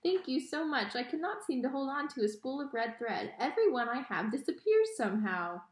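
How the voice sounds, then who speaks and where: Storybook: gracious young princess, polite and gentle, high-ish voice, read by a woman, roomy echo. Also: very animated, brisk. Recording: echoey room.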